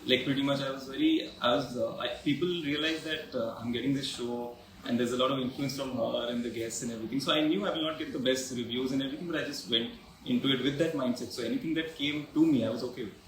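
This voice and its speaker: A young man talking casually about his mother and his work in an interview, rambling and relaxed. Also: mid-range voice, fast, few pauses, slight background noise. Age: young adult. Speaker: interview guest, son. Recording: echoey room, mic at a distance.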